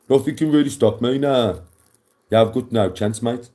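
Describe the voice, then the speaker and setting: Chirpy, swearing bloke streaming live. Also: male voice, medium pitch, moderate pace, warm tone. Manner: chirpy, rambling, laughs at his own jokes, heavy swearing. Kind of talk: casual live stream chat.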